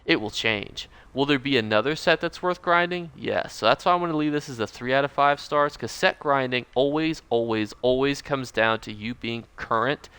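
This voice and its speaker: Man, gaming channel host, casual guide talk, chatty and rambling, bright crisp voice. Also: medium pitch, moderate pace, few pauses, no room sound. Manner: chatty, upbeat, rambling asides. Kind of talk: casual game guide commentary.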